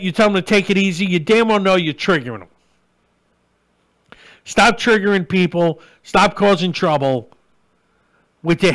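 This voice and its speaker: A middle-aged man hosts his own live online show, talking straight to his viewers in a blunt, crude, ranting way. His voice sits high for a man. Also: a bit bright. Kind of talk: live-stream rant and chat.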